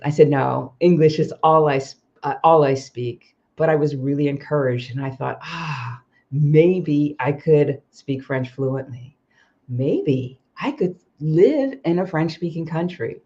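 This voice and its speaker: A woman's voice: deep voice, darkish tone. Chatty woman livestreaming, muffled audio. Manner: chatty, with frequent "um" and "uh" and self-corrections. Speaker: livestream host, expat coach. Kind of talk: casual personal storytelling.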